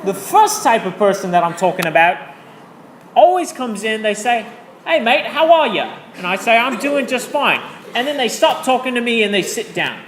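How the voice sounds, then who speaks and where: A teacher telling a classroom story in a deliberately bad put-on British accent that drifts toward Australian, with an exaggerated, sing-song, self-mocking delivery. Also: medium pitch, very animated, a bit bright, voice pushed up. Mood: playful. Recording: echoey classroom, faint background noise.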